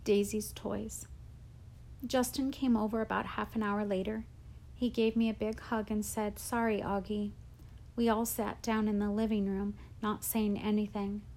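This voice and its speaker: A woman reading a children's novel aloud in a gentle, emotional storytelling manner. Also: medium pitch, little pitch movement, normal speed, vocal fry. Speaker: audiobook narrator. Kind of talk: audiobook reading.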